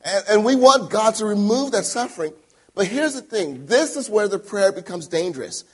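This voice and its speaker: A male pastor preaching a sermon, telling stories with sudden loud emphatic bursts and quiet asides. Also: high voice, lively intonation, moderate pace, husky.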